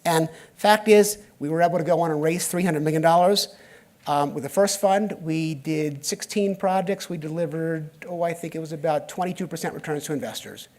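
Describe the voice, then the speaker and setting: A man's voice: on the high side, fairly quick, darkish tone. A middle-aged man from the United States giving a conference talk on stage, telling stories with acted dialogue and wry asides. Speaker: keynote speaker. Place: conference stage before a live audience.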